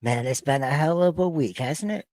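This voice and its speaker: A man's voice: a little high, normal speed, a little mellow, no room sound. A man in his forties to fifties hosting a casual reaction podcast, talking bluntly and profanely and often stumbling over repeated words. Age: 40s to 50s. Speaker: podcast host. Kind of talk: casual reaction-show banter.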